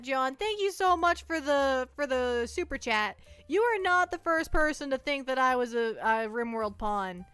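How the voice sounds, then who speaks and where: A woman's voice: sits high, animated, moderate pace, hardly any pauses, a bit bright, clean tone, no room sound. A woman live streamer chatting casually in a playful, rambling, self-mocking way, jittery from too much caffeine, at home on a close mic. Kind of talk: casual chat to a live audience.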